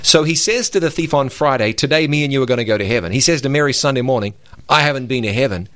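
A man's voice: medium pitch, quick pace, fairly bright tone, no echo. A man co-hosts a Bible discussion program with an emphatic, preacherly delivery. He leans on scripture quotes and presses his points home with a mid-range voice. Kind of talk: religious broadcast discussion.

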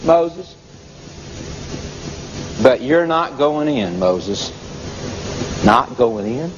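A preacher voicing God as a solemn, patient deity who speaks slowly and with authority, on a dull recording with long reverb. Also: male voice, medium pitch, very animated, background noise, pitched below the performer's own voice.

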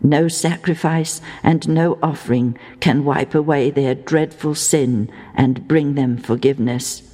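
A woman's voice: sits low, steady tone, mellow, in a large hall, pitched below the performer's own voice. A woman voicing God, solemn and stern. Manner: grave, measured pronouncements.

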